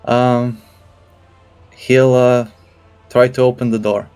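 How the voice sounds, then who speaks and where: Male tabletop player, slow, stammers a lot. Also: mid-range voice, level tone, darkish tone, clean tone, faint music behind. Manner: hesitant, stammering. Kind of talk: playing a tabletop game.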